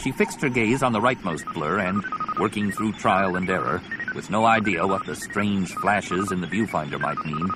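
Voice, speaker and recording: Deep-voiced man narrating an audiobook. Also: moderate pace, loud music behind the voice. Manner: dramatic, expressive reading.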